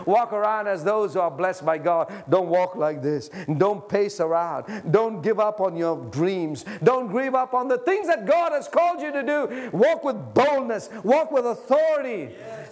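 A man delivering a fervent sermon in a high voice. He drops to a hush and then rises to shouting, and he leads the congregation through prayers line by line. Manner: swings from hushed to shouting, leads the crowd in repeating prayers; fervent and impassioned. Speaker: pastor.

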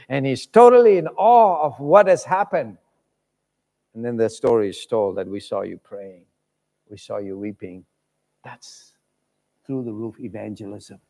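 A man preaching a sermon, telling stories with lively voices for the people in them. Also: mid-range voice, vocal fry. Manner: animated, acts out voices in stories. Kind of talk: sermon storytelling. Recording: long reverb of a large hall.

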